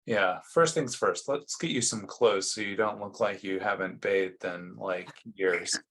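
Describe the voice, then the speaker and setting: Very deep, slow-talking man. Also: a bit bright. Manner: laid-back, describing actions with fillers. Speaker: player. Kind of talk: casual tabletop play.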